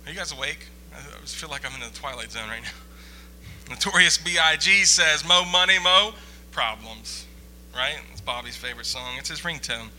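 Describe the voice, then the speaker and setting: A man's voice: medium pitch, brisk, pushed and bright, slight background noise, poor audio. A man preaching a sermon as pastor, conversational and joking with the congregation. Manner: joking, conversational, audience-teasing.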